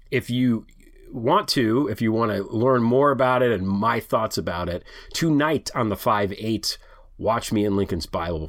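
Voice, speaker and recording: A man's voice: sits low, breathy edge. A middle-aged man hosting a podcast, ranting heatedly with lots of swearing, then chatting casually. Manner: heated, profane and animated. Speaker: podcast host. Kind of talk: ranting monologue and casual chat.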